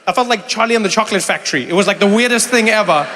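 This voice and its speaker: A man's voice: high voice, very fast, big-room sound, a little hiss or hum. A South African-born man doing stand-up comedy, telling stories and chatting with the audience, often mimicking other people's voices. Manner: animated storytelling, mimics voices, chats with audience. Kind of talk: stand-up comedy with crowd work. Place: large venue with live audience.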